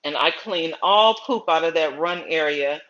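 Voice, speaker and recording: A middle-aged woman hosting a casual gardening livestream, chatty and storytelling, often pausing to greet viewers by name. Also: deep voice, a bit bright, muffled recording.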